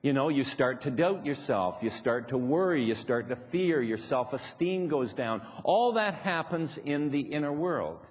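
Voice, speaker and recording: At a live motivational seminar, a man explains his point to the audience with teasing and chuckles. He speaks at medium pitch with lively intonation, unhurried and with few pauses, and the echoey hall carries faint background noise.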